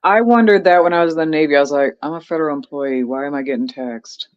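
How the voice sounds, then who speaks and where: Woman veteran, profane animated storyteller, casual stream chat, dull lo-fi audio. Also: low-pitched, quick pace. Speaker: veteran co-host. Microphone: video call.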